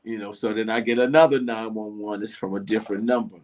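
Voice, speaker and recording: This interview guest is a middle-aged man with a fairly low voice who talks fast. He tells a story in a casual conversation, animated throughout and voicing each person in it.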